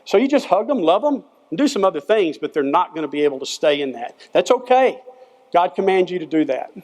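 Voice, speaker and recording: An older man with a drawl preaches at a school chapel, earnest and encouraging. His voice sits a touch high for a man, and he leans on short, repeated phrases in a folksy coaching manner. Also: sing-song, brisk, a little mellow. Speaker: former football coach, chapel speaker.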